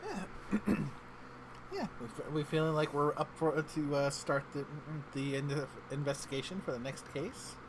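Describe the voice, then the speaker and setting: A man's voice: fairly high pitch, animated, a little slow, noisy background. A man chatting casually with friends during a game, chiming in with brief agreeable remarks. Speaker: friend in a group playthrough. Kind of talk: casual chat over gameplay.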